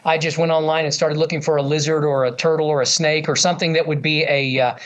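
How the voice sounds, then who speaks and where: Ventriloquist guy rambling happily in an interview, lotsa ums, voice a bit high. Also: level tone, fast. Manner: chatty, eager storyteller with many fillers. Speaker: ventriloquist guest. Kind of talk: casual interview chat.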